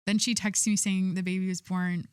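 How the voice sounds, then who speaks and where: A woman's voice: mid-range voice, level tone, moderate pace, clear, resonant tone, no room sound, studio quality. A young adult woman hosting a solo podcast, chatting casually and reading a news story aloud in an irreverent, rambling way. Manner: chatty and irreverent, with many likes and restarts. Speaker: podcast host.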